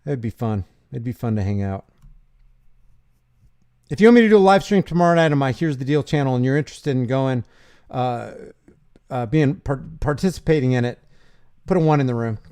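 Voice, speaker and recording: A man's voice: medium pitch, expressive, a little fast, long pauses, darkish tone, clear, resonant tone. A man hosting a casual stream, reading verses aloud and rebutting them with sarcastic, mocking asides. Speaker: channel host, commentator. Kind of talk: casual live-stream commentary.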